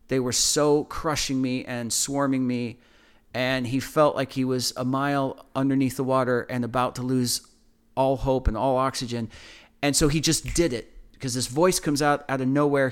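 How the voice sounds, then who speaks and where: Passionate man telling a story. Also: mid-range voice. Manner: passionate, animated, repeats words. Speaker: guest. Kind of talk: storytelling testimony.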